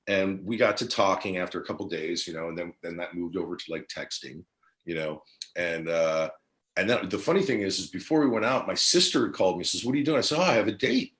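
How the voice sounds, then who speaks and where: A middle-aged man with a lowish voice that swings widely in pitch as he tells a story. He rambles along with plenty of fillers and acts out what each person said. He sounds like a guest talking casually in an interview. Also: fast. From New Jersey. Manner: rambling, animated storyteller who acts out quoted lines.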